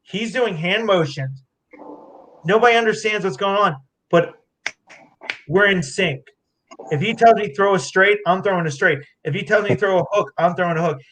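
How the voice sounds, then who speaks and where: Guy choking up accepting an award, kinda high voice, keeps restarting. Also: a bit bright, a little hiss or hum. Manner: emotional, near tears, halting restarts. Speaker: award winner, fighter. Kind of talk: emotional acceptance talk.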